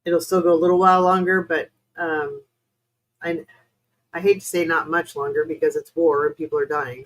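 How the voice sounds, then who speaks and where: A woman's voice: low-pitched, steady tone, a little fast, low-quality recording. A woman from the United States hosting a live stream as a spiritual reader. She answers viewers' questions in a rambling, hesitant way, with many fillers, and talks to viewers in a chatty, apologetic way.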